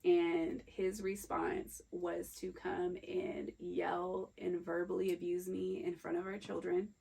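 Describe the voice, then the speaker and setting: A woman co-hosting a podcast, candidly telling a personal story in a halting, emotional way. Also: fairly low pitch, level tone, gravelly, mellow, slightly rough, low-quality recording. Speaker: podcast co-host. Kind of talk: personal storytelling in casual chat.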